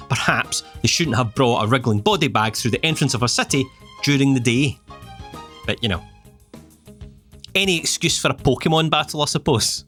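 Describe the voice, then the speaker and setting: A man's voice: mid-range voice, fairly bright tone. A man with a Scottish accent giving wry, joking commentary while playing a video game. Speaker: gaming video host. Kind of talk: let's play commentary.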